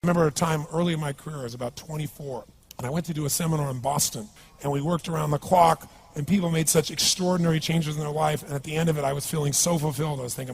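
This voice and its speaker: A man's voice: a little high, fairly even intonation, racing, a little hiss or hum. A man speaking as a motivational speaker at a live seminar, emphatic and punchy, often asking the audience questions.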